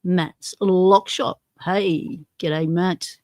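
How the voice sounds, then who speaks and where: A woman's voice: on the low side, fairly even intonation, extremely slow, a little mellow. An Australian woman chatting unhurriedly as she hosts a live stream. She greets viewers by name and pokes fun at herself. Her voice sounds dry and close, with no room echo. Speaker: livestream host. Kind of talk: casual livestream chat.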